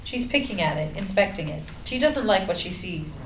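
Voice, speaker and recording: A woman narrating the action lines of a screenplay reading in a measured, plain way. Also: on the low side, lively intonation. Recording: echoey room, light noise.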